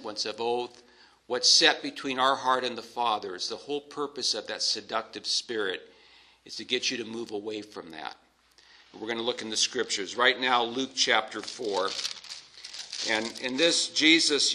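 A male preacher with a strikingly bright, sharp voice at an ordinary pitch. He teaches through scripture in a measured, emphatic sermon, pausing often to drive points home. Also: poor audio.

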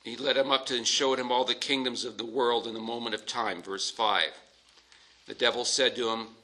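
A male preacher with a strikingly bright, sharp voice at an ordinary pitch. He teaches through scripture in a measured, emphatic sermon, pausing often to drive points home. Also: fairly even intonation, low-quality recording.

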